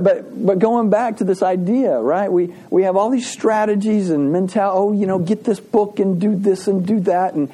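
A pastor giving a conversational sermon, telling folksy stories with frequent restarts and asides. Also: male voice, fairly high pitch, dark tone, husky. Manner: folksy storytelling with laughs and restarts.

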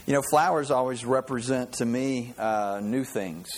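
A middle-aged man delivering a sermon in a relaxed, folksy manner. He stops and restarts often, doubling words before he finds his thread. His pitch sits in an ordinary male middle range. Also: normal speed, slight background noise. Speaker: pastor.

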